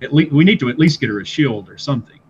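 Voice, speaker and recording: A man's voice: medium pitch, lively intonation, slight background noise. Formal-sounding man on a dull mic. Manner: formal, measured in-character speech. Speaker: player. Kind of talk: tabletop role-play.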